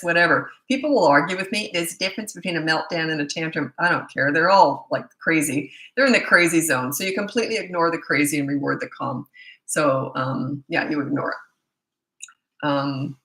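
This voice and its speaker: A middle-aged parenting coach answers viewer questions in a live Q&A, her low voice fraying because she's losing it. She speaks at a moderate pace with a bright, forceful edge, blunt and casual and prone to losing her train of thought, while the sound echoes around a roomy space.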